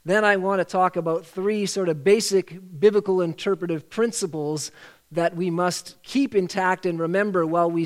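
Patient, slightly high-voiced man teaching scripture. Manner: patient, repetitive, drills phrases aloud. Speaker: pastor leading a Bible study. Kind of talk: church teaching on scripture memory. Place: church.

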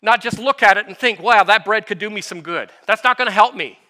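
A man preaching a sermon, explaining scripture with everyday illustrations and rhetorical questions, swinging from quiet asides to fervent emphasis. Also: sits high, brisk. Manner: expository preaching, builds to impassioned emphasis then drops to quiet. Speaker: pastor.

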